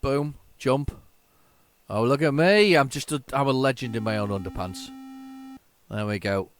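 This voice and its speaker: A man giving casual, excitable, self-mocking commentary while playing an old computer game. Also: medium pitch, unhurried. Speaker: retro game tape reviewer.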